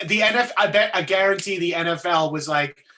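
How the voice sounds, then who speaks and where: A man's voice: high-pitched, pushed and bright. A man from Long Island on a comedy chat show, rambling, swearing and laughing along. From Long Island, New York. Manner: profane, rambling, quick to laugh. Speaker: co-host. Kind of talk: casual chat.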